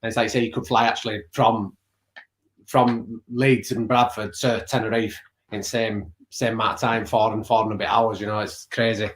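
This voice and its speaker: Rambling jokey co-host on a video call. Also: male voice, on the low side, flat delivery, moderate pace. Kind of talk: casual live stream chat.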